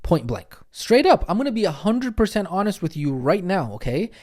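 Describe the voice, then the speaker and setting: A man's voice: a little high, darkish tone. A man giving a recorded training lecture as a business coach, emphatic and insistent, repeating his points and checking in with the listener. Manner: emphatic, insistent, keeps checking in with "okay?" and "right?"; repetitive, drives points home with conviction.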